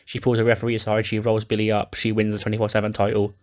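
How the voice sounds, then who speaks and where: A man's voice: on the low side, monotone, racing, darkish tone. A man narrating a wrestling simulation playthrough, recapping matches casually. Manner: recaps storylines casually with swearing. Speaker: game player narrating.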